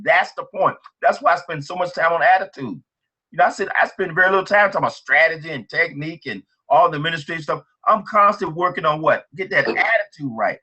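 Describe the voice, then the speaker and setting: Pep-talk team leader, man, bright and a bit high, energetic and repetitive. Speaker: team leader on a business training call.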